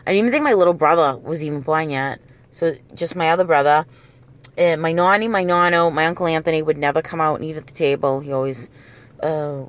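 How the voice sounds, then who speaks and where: Woman in her 40s, swears constantly, rambles off on tangents telling stories. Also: lowish voice. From New England. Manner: profane, rambling, goes off on tangents. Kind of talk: casual storytelling monologue.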